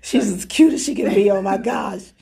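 A woman's voice: mid-range voice, normal speed, creaky, warm tone, breathy edge. A woman hosting a casual podcast chat, encouraging and homey, saying "y'all" and "honey". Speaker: podcast host. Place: podcast studio.

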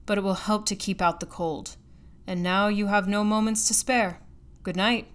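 A woman reading an audiobook, voicing a bitter old male recluse scientist who speaks quietly and gravely. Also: medium pitch, steady tone, moderate pace, close to an everyday voice. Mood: calm.

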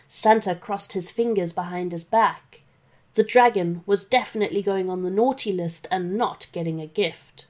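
A woman narrating a children's story in a gentle, expressive read-aloud manner. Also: mid-range voice, normal speed.

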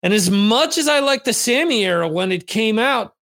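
A male podcast host rambles through his memories in a loose, unscripted monologue. His voice sits high for a man. He curses freely and often doubles back mid-sentence. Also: expressive, moderate pace, a bit bright. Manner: rambling, profane storytelling. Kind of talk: casual monologue, answering listener questions. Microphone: on camera, streamed video.

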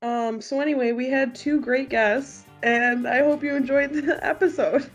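A woman's voice: high-pitched, steady tone, normal speed, soft background music. A young woman with a Midwestern accent co-hosting a podcast in casual chat, blunt and swearing freely. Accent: Midwestern American. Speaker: podcast co-host.

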